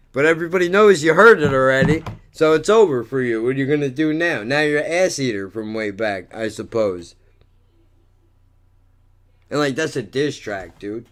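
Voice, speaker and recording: A man rambling through a crude, profanity-filled vlog monologue, swearing and mocking himself. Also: medium pitch. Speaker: vlogger.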